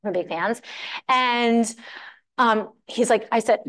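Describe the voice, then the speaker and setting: A married woman teaching a Torah class to women, telling a story in a lively way and acting out the quotes. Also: fairly high pitch, takes it slowly, pauses often. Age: adult. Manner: animated storytelling, acts out quotes.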